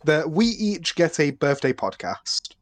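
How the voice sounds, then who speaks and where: A man's voice: fairly high pitch, sing-song, unhurried, no room sound. Young man hosting, nervous and stumbling. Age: young adult. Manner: nervous, stumbling, laughing a lot. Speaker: podcast host. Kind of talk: casual podcast chat.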